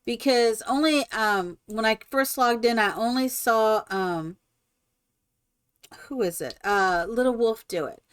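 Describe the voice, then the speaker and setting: A woman hosting a live stream, chatting excitedly and rambling while she builds in a game. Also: fairly high pitch, slow pace, clean tone, dry recording. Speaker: streamer host.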